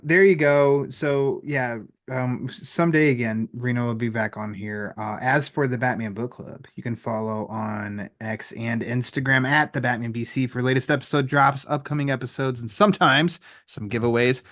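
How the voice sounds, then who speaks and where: A man's voice: medium pitch, a bit bright, no echo, studio quality. A man hosting a podcast in a casual, rambling way, with fillers and jokes, wrapping up the episode. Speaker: podcast host. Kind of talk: casual podcast chat and outro.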